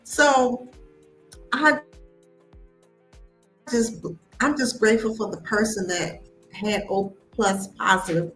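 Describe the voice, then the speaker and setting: An American woman telling a personal story in a casual, animated way, acting out the voices of people she quotes. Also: mid-range voice, takes it slowly, long pauses, roomy sound, faint music behind, rough recording. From United States. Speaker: host of a live stream.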